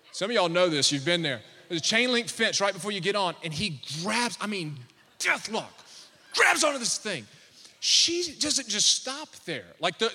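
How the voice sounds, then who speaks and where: A pastor in his thirties preaches from the sanctuary in a notably high, bright and forceful voice. He tells stories with humor, then climbs into fervent declarations. The sound hangs in the long reverb of a church hall. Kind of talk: sermon.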